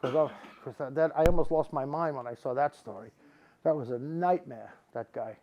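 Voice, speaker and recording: A man's voice: mid-range voice, normal speed, dull audio. A middle-aged man, a psychic medium giving readings to a live audience, who rambles and repeats words for emphasis.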